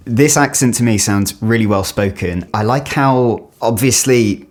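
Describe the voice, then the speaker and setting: A man's voice: fairly low pitch, a little slow, slight background noise. A man hosting a video, giving casual, enthusiastic reaction commentary on accents. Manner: enthusiastic and chatty. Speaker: YouTube host reacting to accents. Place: home studio.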